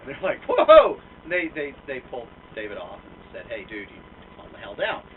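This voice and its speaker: A young American man telling a story and ranting, swearing freely and poking fun at himself. His pitch leaps up and down as he talks. He sits back from the mic, and the sound is thin and tinny, like a phone line. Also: a little fast, far from the mic, background noise. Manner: profane, animated, self-mocking, lots of fillers. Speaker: vlogger. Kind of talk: casual storytelling rant.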